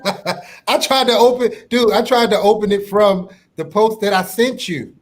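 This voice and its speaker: A man's voice: sits high, a little slow. A man hosting a casual online chat show, laid-back and joking, often stumbling over his words. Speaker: show host.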